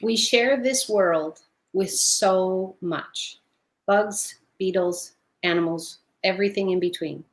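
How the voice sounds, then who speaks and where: A middle-aged woman, a guest in a casual interview, telling lively stories and laughing often. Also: lowish voice. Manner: animated storyteller, laughs often.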